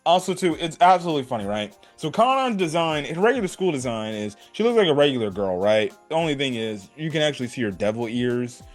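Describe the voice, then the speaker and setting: A man giving a casual video review, animated and laughing often, swearing and tossing in "right?" after his points. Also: medium pitch, fast talker, hardly any pauses, faint music behind. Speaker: anime reviewer.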